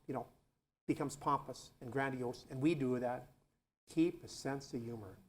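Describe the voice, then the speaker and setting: A man's voice: mid-range voice, darkish tone. A man, a priest, giving an informal talk to students, telling earthy stories in a conversational way and tossing in "you know" often. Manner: earthy, chuckles between points.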